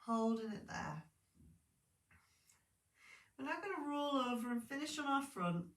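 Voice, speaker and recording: A woman leading a pilates class, calm and encouraging, sounding sleepy. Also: on the high side, measured pace, recorded from a distance. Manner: calm, encouraging, chatty asides. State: sleepy, yawning. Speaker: pilates instructor. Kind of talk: guided exercise class instructions. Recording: echoey room, voice from off-mic.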